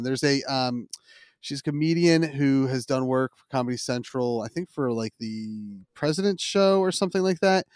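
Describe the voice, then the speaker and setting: A man's voice: medium pitch, clean tone, no room sound, studio quality. A man with a Philadelphia accent hosting a podcast, chatting casually in a rambling, self-deprecating way with lots of restarts. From Philadelphia area. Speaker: podcast host.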